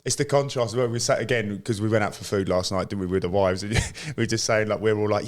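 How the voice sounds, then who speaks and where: A man's voice: fairly low pitch, steady tone, fast talker, few pauses. A man co-hosting a podcast, enthusiastic and chatty as he tells stories. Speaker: podcast co-host, former footballer. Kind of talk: casual chat.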